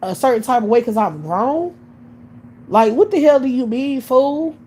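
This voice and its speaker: A livestream host in her late thirties rants bluntly and profanely, scornful and swearing constantly. Her voice is on the high side, expressive, mellow and husky, at a moderate pace, and the audio is poor.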